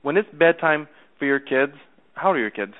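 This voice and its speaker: This sales coach's voice is fairly high, lively in intonation and brisk as he coaches someone by phone in a chatty way. He repeats himself a lot and checks for understanding, and the line sounds tinny.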